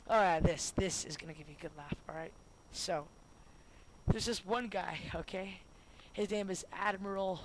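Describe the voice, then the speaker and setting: A student rambles through a homemade history lesson with a gravelly, creaky voice, tripping over words and correcting themselves. The recording is noisy, with a steady hiss and clicks behind the voice. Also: medium pitch, normal speed. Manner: rambling and goofy, full of fillers and self-corrections. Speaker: student making a history video. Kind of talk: jokey homemade history narration.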